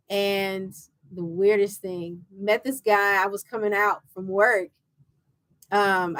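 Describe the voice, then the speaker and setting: Woman host, telling her own story animatedly, bright and expressive. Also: mid-range voice. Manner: animated, acts out quoted voices with laughs. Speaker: show host and founder. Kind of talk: personal storytelling to a live audience.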